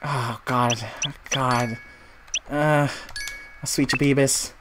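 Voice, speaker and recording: A young woman playing a video game and commenting, very expressive and swinging between groans and outraged shouts. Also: on the low side, takes it slowly, long pauses, a little hiss or hum. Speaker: let's play gamer.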